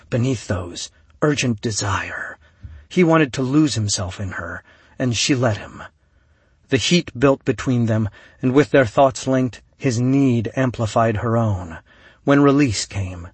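A man reading an audiobook in a measured, solemn way, recorded close on a studio mic. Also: fairly low pitch, husky, dry recording. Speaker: audiobook narrator. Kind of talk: scripted narration.

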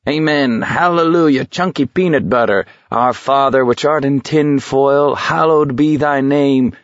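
A male audiobook narrator voicing a hysterical, mocking young man who giggles and rants in a high sing-song. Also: takes it slowly, no echo, muffled recording.

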